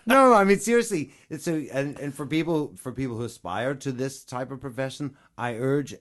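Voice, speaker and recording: A man's voice: medium pitch, normal speed, a bit bright. Chatty male guest voice actor. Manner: earnest, chatty, rambling digressions. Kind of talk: casual interview chat.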